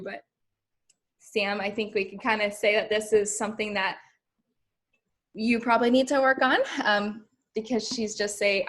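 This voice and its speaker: A young woman runs a casual group coaching session, her voice sitting in a middle pitch. She talks in a chatty, loose way, dropping "like" and "um" as she goes. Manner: chatty, fills speech with "like" and "um". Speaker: personal development coach.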